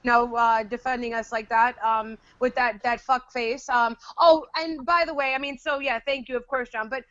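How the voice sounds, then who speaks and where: A woman's voice: on the high side, fairly even intonation, moderate pace, a bit bright, no echo. A woman co-hosting a casual chat show, rambling and swearing freely. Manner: rambling, profane. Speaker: podcast co-host. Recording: dry dull lo-fi recording.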